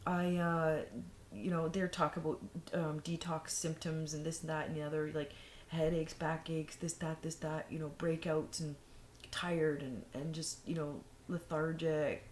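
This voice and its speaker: Rambling woman vlogger, echoey room. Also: deep voice. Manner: rambling, many fillers and restarts, frank. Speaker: vlogger giving vegan advice. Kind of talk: casual advice monologue. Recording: echoey room, faint noise.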